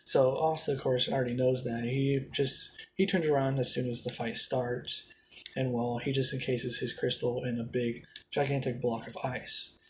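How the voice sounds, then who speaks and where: A man's voice: mid-range voice, flat delivery, normal speed, a little hiss or hum. A young man improvising a fan story in a rambling, casual way, full of fillers and swearing.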